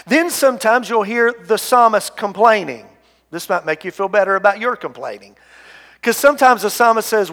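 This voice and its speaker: High-voiced male pastor in a reverberant church. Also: moderate pace. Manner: earnest, swings between hushed and loud, repeats words. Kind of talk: sermon. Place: church sanctuary. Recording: long reverb of a large hall.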